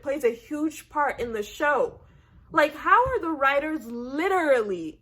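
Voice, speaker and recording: Woman, high voice, casual TV recap vlog, emphatic, chatty. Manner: animated and emphatic, acting out her own reactions; chatty, heavy use of "like" and "I said". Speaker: TV recap vlogger.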